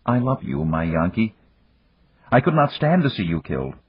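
A man's voice: sing-song, normal speed, slightly rough, no room sound, dull audio. A man doing a frightened, fragile young woman. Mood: frightened pleading. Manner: soft, uncertain, breathless higher voice.

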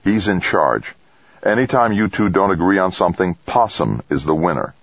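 A man's voice: sits low, expressive, moderate pace, dry recording, muffled recording, voice pushed up. A man voicing a firm male mission leader who gives orders in a controlled, commanding way.

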